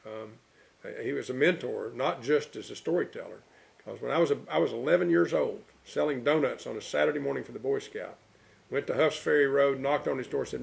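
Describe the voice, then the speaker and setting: Man, middle-aged, gravelly voice, rambling animated stories. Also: medium pitch, brisk. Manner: rambling, self-interrupting, animated anecdotes. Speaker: interviewee, local storyteller. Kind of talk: casual storytelling interview.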